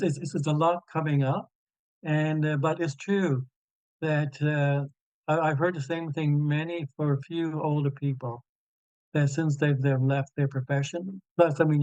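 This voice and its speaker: A man's voice: on the high side, steady tone, moderate pace, a little mellow, dry recording, poor audio. A man, who stutters openly with many repeated sounds and fillers as a guest speaker in an online Q&A. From Newfoundland and Labrador, Canada. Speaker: guest speaker and radio show host. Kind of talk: conversational answer in an online Q&A.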